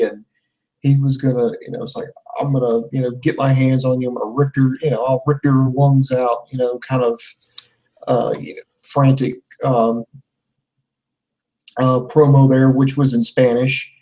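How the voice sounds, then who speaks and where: A man's voice: mid-range voice, level tone, moderate pace, mellow, far from the mic, muffled recording. A man co-hosting a casual wrestling review podcast, rambling through his recap with many "you know"s. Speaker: podcast co-host.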